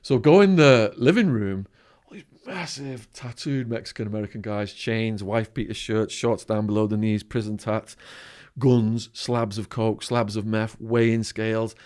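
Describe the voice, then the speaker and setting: English male guest, mid-pitched voice, animated anecdote teller who drops to hushed asides. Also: moderate pace. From England, Widnes. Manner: animated anecdotes with swearing and sudden quiet asides. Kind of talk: storytelling in conversation.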